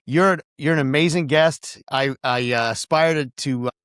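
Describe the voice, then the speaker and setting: A male host wraps up the interview, stumbling a bit over his words with fillers and restarts. His voice sits a little high for a man and sounds dry and close. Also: fairly bright tone, clear, resonant tone, dry recording. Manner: halting, repeats words with fillers. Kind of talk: closing an interview.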